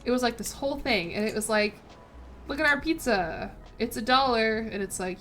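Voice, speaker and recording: A woman's voice: a little high, moderate pace, fairly bright tone, faint music behind. A young woman streaming a strategy game, chatting casually and thinking aloud in a self-deprecating way. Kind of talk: casual gameplay commentary.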